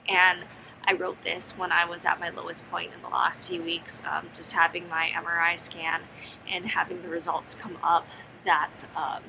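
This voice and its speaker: A young woman in a casual home vlog, speaking softly and hesitantly with many pauses and restarts. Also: lowish voice, vocal fry, noisy background. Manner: soft-spoken, hesitant, many ums and restarts. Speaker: vlogger. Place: home, sitting on the floor. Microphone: camera mic.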